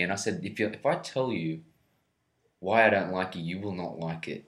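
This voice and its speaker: Crude, laughing podcast storyteller, echoey room. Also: male voice, sits low, normal speed, fairly bright tone. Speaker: podcast co-host. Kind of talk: casual storytelling chat.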